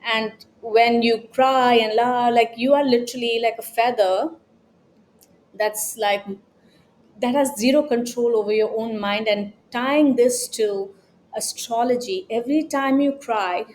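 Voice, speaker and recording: A woman's voice: on the high side, slow, a little mellow, slight background noise. A woman self-help coach giving an emphatic, scolding motivational talk, repeating her points. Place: New York.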